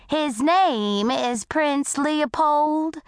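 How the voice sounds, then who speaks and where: A woman voicing a sweet, unflappable tall old woman, speaking politely and slowly. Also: high-pitched, dry recording, studio quality, pitched above the performer's own voice, exaggerated voice. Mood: calm, polite. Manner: polite, calm, slow and drawn-out.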